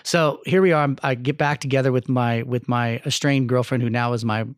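A man in a podcast interview, rambling through a personal story, candid and swearing freely. His pitch is ordinary for a man. The recording is close and dry. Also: fairly even intonation, a little fast, clear, resonant tone, no echo. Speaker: podcast guest.

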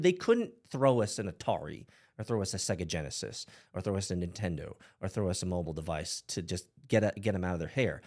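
A man hosting a casual podcast conversation, talking with animation, swearing casually and acting out voices he quotes. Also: mid-range voice.

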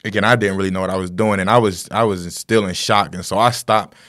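A man's voice: low voice, fairly even intonation, quick pace, fairly bright tone. A man talking as a guest, telling a story in a rambling casual way with lots of fillers and tag questions.

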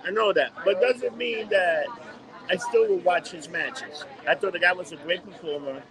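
A man with a high voice talks bluntly in loose podcast banter. He argues his points in a casual, plain-spoken way and says "dude" a lot. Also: normal speed, a crowd in the background, rough recording. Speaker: podcast co-host. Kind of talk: casual chat.

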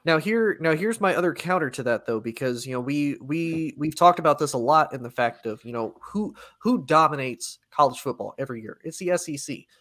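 A man's voice: on the high side, expressive, a little fast, few pauses, a bit bright. A man co-hosting a sports talk show, rambling easily through his points in a casual debate. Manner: rambling, frequent fillers and restarts, easygoing.

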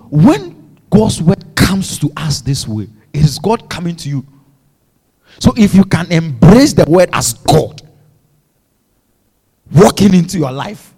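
In a big-room acoustic, a male pastor calls on his congregation to repeat after him during a passionate sermon. The voice sits a little high, warm in tone with a breathy edge.

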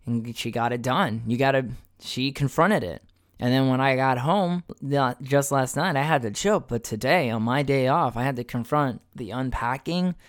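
A man's voice: mid-range voice, normal speed, no room sound. Young male podcast host, casual profane pep-talk monologue, mid-range voice, dry close sound. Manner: loose and profane, motivational self-talk.

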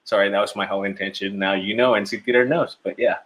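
A man's voice: lowish voice, fairly even intonation, quick pace, a bit bright, poor audio. A man from Panama with a Panamanian English accent, a guest on a podcast, telling stories in a casual chat. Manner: chatty storyteller who mimics voices in quotes.

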